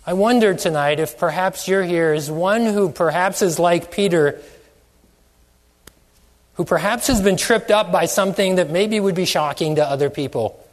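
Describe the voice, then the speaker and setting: With a high voice at normal speed, this preacher delivers a sermon full of questions, drawing out phrases for emphasis. Long hall reverb colors the recording.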